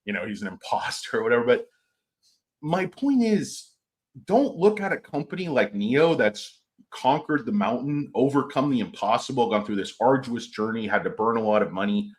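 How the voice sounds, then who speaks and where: A man's voice: mid-range voice, animated, normal speed. A man giving a casual, rambling stock market commentary, opinionated and full of filler words.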